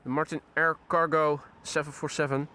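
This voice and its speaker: A man's voice: fairly high pitch, little pitch movement, normal speed, sharp tone, slight background noise. A man hosting a live plane-spotting stream outdoors, chatting casually with viewers and using frequent fillers. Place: outdoors near airport runway.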